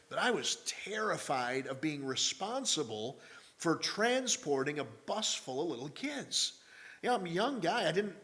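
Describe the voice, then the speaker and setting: A man's voice: a little high, a bit bright. A man in his forties preaching a sermon as pastor, telling stories and numbering his points with folksy asides.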